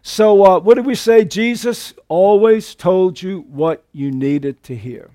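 A man preaching a sermon to a church congregation, emphatic, swinging between loud outbursts and hushed asides. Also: high-pitched, takes it slowly, no echo, studio quality. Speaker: pastor. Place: church sanctuary.

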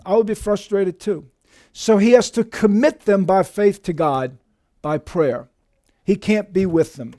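A man preaching a sermon as pastor, emphatic and lively, often calling his listeners dear friends. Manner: emphatic preaching with lively shifts in pitch and volume.

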